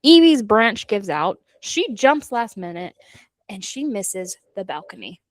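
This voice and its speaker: Animated young woman recapping a book. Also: mid-range voice, a little slow, no echo. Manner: animated storytelling, acts out characters' lines, swears freely. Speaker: book club podcast co-host. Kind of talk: casual chat recapping a novel.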